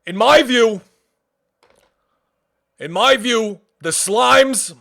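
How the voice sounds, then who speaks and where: A man's voice: very high voice, very slow, vocal fry, sharp tone, voice pushed up, full character voice. A man doing an impression of an older, indignant male politician with an emphatic, lecturing cadence.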